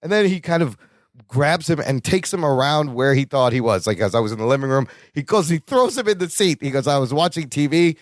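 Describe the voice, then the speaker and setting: A man's voice: medium pitch, a little fast, dry recording, clean studio sound. A man co-hosting a podcast, recapping scenes in casual chat and acting out the characters' lines with energy. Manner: animated, acts out lines from scenes. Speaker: podcast co-host.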